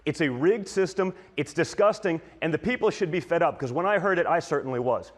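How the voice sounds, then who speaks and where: A man rants about politics with indignation and fires off accusations in quick succession. His voice sits a little high for a man. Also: lively intonation. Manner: indignant, rapid-fire accusations.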